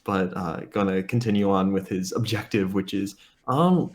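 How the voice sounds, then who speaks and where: A man playing in a tabletop game, speaking in a hesitant, halting way. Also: low voice, a little mellow. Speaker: player.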